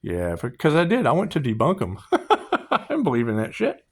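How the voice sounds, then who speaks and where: A man's voice: mid-range voice, huge pitch swings, brisk, creaky, slightly rough. A man answering viewer questions in a loose, profane, rambling live-stream monologue, laughing and repeating himself.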